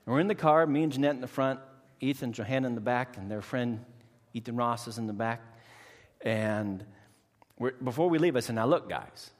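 A man preaching a sermon, telling a funny family story with acted-out voices before moving into scripture. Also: medium pitch. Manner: animated storytelling, acts out voices, preachy cadence. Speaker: pastor. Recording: long hall reverb.

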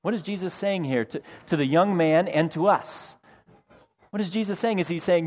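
A middle-aged man preaching a sermon, telling a family story with lively quoted voices. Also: high-pitched, normal speed. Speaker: pastor.

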